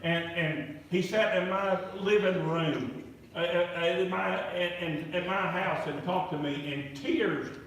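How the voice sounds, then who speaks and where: A man with a high voice preaches slowly at a revival in a large church sanctuary, telling stories with animation and acting out the voices of the people in them. The recording is echoey, and he sounds far from the mic.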